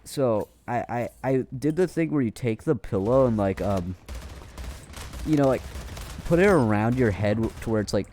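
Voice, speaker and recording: A man's voice: mid-range voice, animated, normal speed, mellow, slight background noise. A young man casually telling a rambling, profane story with lots of restarts, as a streamer.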